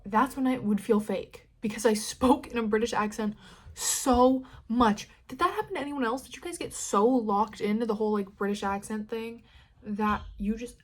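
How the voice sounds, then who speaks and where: A woman's voice: on the high side, normal speed. A young woman from California with a Californian American accent, hosting a casual solo podcast and rambling candidly with plenty of swearing. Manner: rambling, candid, sweary, dramatic swings in loudness. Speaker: podcast host.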